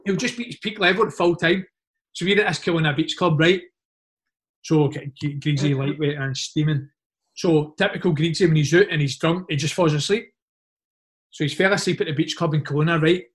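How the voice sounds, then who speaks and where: Lively Scottish man telling stories. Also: a little high, brisk. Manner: animated anecdotes, frequent "mate" and "like". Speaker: former footballer guest. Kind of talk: casual storytelling chat.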